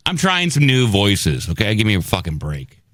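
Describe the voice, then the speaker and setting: A low-voiced man hosts a comedic podcast and jokes in an irreverent, self-mocking way. His pitch swings widely as he talks. The sound is dry, close to the mic. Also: huge pitch swings, moderate pace, fairly bright tone, no room sound. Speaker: podcast host.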